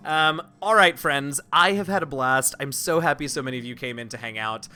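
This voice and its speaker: A man's voice: medium pitch, fairly quick, pushed and bright, soft background music. A man hosting a livestream of a video game, joking and self-deprecating as he chats with a friend and his viewers. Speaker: streamer and game host. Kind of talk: casual let's-play chat.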